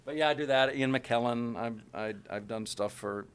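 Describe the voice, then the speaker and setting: A middle-aged male voice actor chatting in an interview, animated and full of fillers. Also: mid-range voice, normal speed, clean tone. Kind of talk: casual interview chat.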